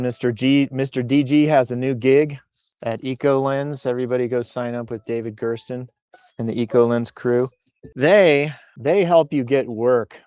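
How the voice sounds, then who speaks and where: A male host chats loosely on a livestream, with a jokey, playful delivery. He rambles from one thought to the next in an everyday voice of ordinary pitch. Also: darkish tone, clear, resonant tone, dry recording. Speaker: news show host. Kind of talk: casual livestream chat. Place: outdoors on a bluff while on vacation.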